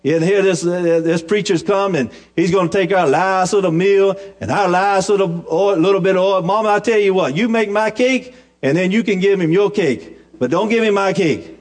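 A man's voice: high-pitched, moderate pace, lightly acted. A man voicing a worried little boy who is wary of a visiting preacher, in a folksy, pleading way.

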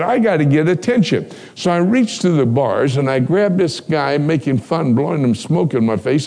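A man's voice: medium pitch, creaky. A man preaching a sermon, telling personal stories with animation and acting out the dialogue. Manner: animated storyteller, acts out dialogue.

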